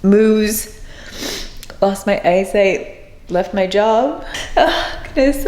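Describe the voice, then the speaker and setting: Slow, tearful young woman saying goodbye. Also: mid-range voice, darkish tone, reverberant, rough recording. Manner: wistful, halting, trailing off. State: tearful, crying. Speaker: vlogger. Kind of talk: emotional personal vlog. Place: outdoors by her apartment.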